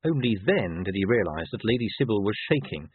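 A man reads an audiobook in a measured, expressive voice with a lively pitch. His tone is husky. The sound is thin and dry, like a phone line. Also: dry recording. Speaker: audiobook narrator. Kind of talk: audiobook narration.

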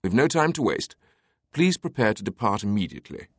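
A man's voice: lowish voice, big pitch swings, brisk, no room sound, studio quality. A man voicing a jovial, scheming older aristocrat, with a grandly amused manner. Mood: wry.

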